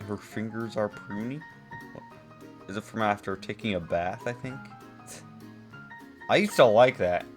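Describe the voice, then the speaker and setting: Lowish-voiced man mocking silly posts. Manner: incredulous, mocking, laughing, rambling with fillers. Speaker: vlogger reacting to posts. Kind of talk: casual reaction commentary.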